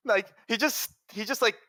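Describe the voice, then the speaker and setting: A player talks through their character's story at a tabletop game, stopping and restarting as they go. They laugh easily and ramble along. The voice is mid-pitched and sits dry and close to the mic. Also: a little slow, pushed and bright, no room sound. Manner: rambling, self-interrupting, giggly. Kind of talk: casual tabletop game chat.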